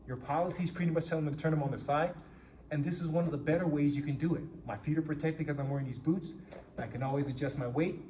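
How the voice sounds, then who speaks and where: A man's voice: fairly high pitch, darkish tone, recorded from a distance. A man coaching jiu-jitsu to police, teaching through a hands-on demonstration and often checking in with "right?". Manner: emphatic, keeps checking in with "right?". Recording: echoey room with faint background noise.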